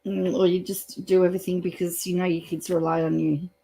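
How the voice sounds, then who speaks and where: A woman's voice: on the low side, level tone, brisk, vocal fry, dark tone, breathy edge. Chatty Australian woman live-streaming. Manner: chatty, reads out viewer comments, thinks aloud with fillers. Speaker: YouTube live-stream host. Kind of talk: casual live-stream commentary.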